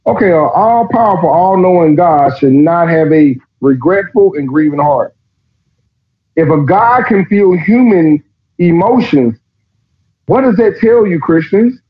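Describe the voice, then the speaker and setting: A man's voice: on the high side, expressive, measured pace, highs cut off. Profane, sarcastic man with a raised voice. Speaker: podcast host. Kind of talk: mocking commentary while reading aloud.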